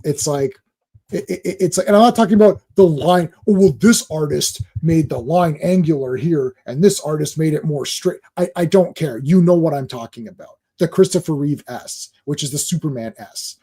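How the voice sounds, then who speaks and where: A man hosting a live stream, ranting and swearing, dropping into quick impressions of other people. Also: on the high side, mellow, breathy edge. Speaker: host.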